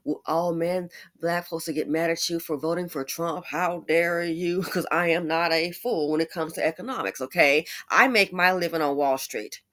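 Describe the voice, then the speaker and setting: A woman with a fairly low voice talks through her commentary in a loose, chatty way. She gets animated in her asides and keeps a conversational tone throughout. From United States. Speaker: commentary YouTuber. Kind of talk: casual commentary monologue.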